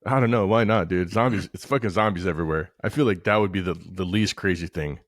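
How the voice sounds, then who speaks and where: Man, 30s, deep dry voice, profane rambling podcast co-host. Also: fast, no room sound. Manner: profane, rambling, animated storytelling. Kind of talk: casual banter.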